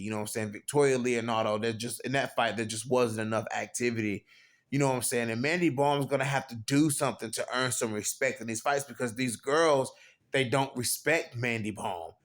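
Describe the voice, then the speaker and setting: A man hosting his own fight commentary channel, talking casually in slang and repeating "you know what I'm saying" as he breaks down an upcoming bout. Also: medium pitch. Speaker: MMA commentary host.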